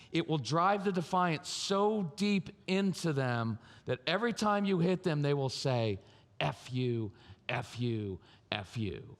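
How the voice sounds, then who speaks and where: Animated high-voiced man speaking in a reverberant hall. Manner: animated, acts out parent and child voices, quizzes the audience. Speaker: parenting conference speaker. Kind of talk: live seminar talk to an audience. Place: large church conference hall. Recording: long hall reverb from a live venue.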